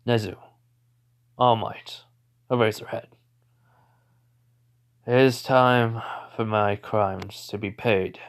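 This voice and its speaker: A man's voice: on the low side, fairly even intonation, slow, pauses often. A man doing a subdued, scheming old villain. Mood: uneasy. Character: scheming older male supervillain, rattled.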